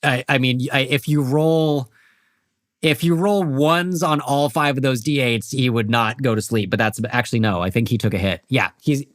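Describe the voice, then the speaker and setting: A man's voice: mid-range voice, normal speed, dry recording. Laid-back male game master, dry close mic. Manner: relaxed, rambling, laughs often. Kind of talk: narrating a tabletop game.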